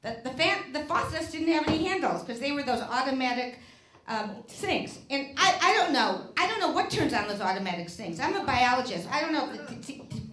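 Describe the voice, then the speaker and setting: High-voiced older woman doing stand-up. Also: animated, a little fast, a bit bright. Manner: rambling self-deprecating storytelling with stammered restarts. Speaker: stand-up comedian. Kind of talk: stand-up routine. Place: small theater stage. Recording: echoey theater room, faint noise.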